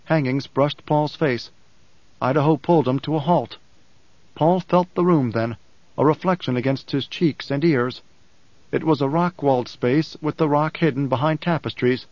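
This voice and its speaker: A male audiobook narrator reading in a measured, solemn manner. His voice sits a little higher than most men's. The recording is dry and slightly dull, with a lo-fi feel. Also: darkish tone, no room sound. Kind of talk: scripted narration.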